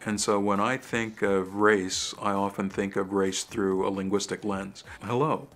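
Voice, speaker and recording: A man's voice: fairly low pitch, little pitch movement, unhurried, fairly bright tone. A man, a linguist, giving a documentary interview and demonstrating how speech changes. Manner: demonstrative, switching voices.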